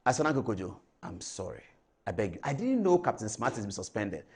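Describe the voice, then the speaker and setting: A middle-aged man with a Ghanaian English accent, hosting a TV talk show monologue in a chatty, animated, digressive way. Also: on the low side, brisk, husky.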